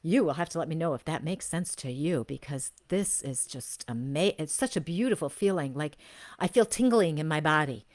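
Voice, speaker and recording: A woman with a slightly low voice hosts a live soul reading. She gushes over her viewers, repeating her praise. When she tunes in, her phrases stretch out slowly. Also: a little mellow. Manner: effusive and gushing, repeating praise; slow, drawn-out phrases while sensing. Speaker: intuitive reader and show host.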